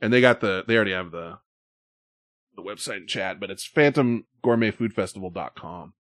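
A man's voice: fairly low pitch, animated, brisk, fairly bright tone, no room sound, studio quality. A man hosting a casual live stream, talking in a loose, rambling, profane way. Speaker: host.

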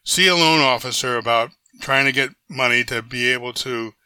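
An older man with an extremely bright, sharp-edged voice tells a long personal story to an interviewer. The sound is dry and close, with no room around it. He speaks in a lively, animated way, restarts his sentences often, and jumps into the voices of people he quotes. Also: medium pitch, moderate pace, clean tone, no echo. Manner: animated anecdote-teller who acts out quoted voices; frequent restarts and self-corrections. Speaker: interview guest. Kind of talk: conversational storytelling.

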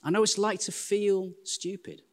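An English man in his forties preaching a sermon in a church, telling self-deprecating stories in a lively way. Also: sits high, moderate pace. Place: church hall. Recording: long hall reverb.

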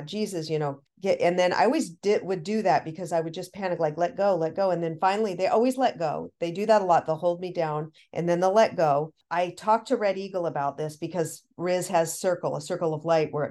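Lower-pitched woman telling spooky stories. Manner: animated, breathless storytelling with many restarts. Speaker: podcast guest. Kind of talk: casual storytelling.

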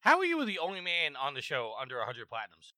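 A man's voice: a little high, huge pitch swings, fast talker, sharp tone, dry recording. A man hosting a casual podcast chat, joking while eating. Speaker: podcast host.

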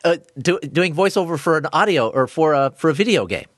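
A man hosts an interview podcast, asking curious follow-up questions between chuckles. His pitch moves around a lot as he talks. The recording is dry and close. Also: animated, a little fast, no room sound. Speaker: podcast host.

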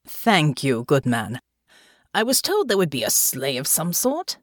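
A woman's voice: low-pitched, huge pitch swings, unhurried, dry recording, clean studio sound, heavily acted. A woman reading an audiobook, voicing a kindly, plain-spoken older lord who grew up on a farm. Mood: reassuring.

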